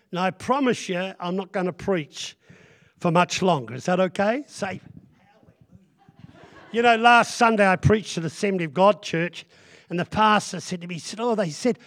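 Male preacher, high voice, loud and rambling, jokes and crowd call-outs. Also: moderate pace. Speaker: guest preacher. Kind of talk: sermon.

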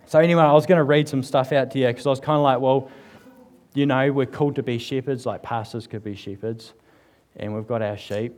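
A man's voice: mid-range voice, steady tone, a little fast, darkish tone. A man giving a casual, humorous sermon to a live congregation. He talks in a chatty, joking way, full of fillers, and reads passages aloud. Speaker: church speaker. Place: church service with live congregation.

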